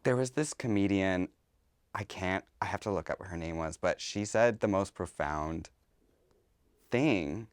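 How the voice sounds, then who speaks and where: Smooth-voiced man telling candid stories. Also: sits low, unhurried, no room sound. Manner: candid, animated storytelling, acts out other people's voices. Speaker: drag performer, podcast guest. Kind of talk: casual interview.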